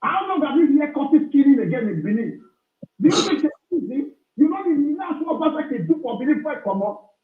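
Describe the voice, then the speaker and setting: Nigerian man, caller, very high pitch, forceful and repetitive, tinny phone line. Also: big pitch swings, fairly quick, echoey room. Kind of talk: heated call-in argument.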